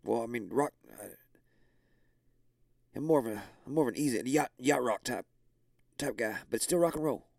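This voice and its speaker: Man, gravelly voice, deadpan comedy podcast host, dry close sound. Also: mid-range voice, normal speed, long pauses, no room sound. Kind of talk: improvised comedic banter.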